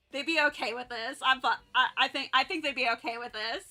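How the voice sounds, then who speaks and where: A woman's voice: high voice, big pitch swings, measured pace, sharp tone, faint music behind. A young woman from North Carolina chatting casually on a livestream, rambling with lots of restarts and fillers. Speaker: art streamer.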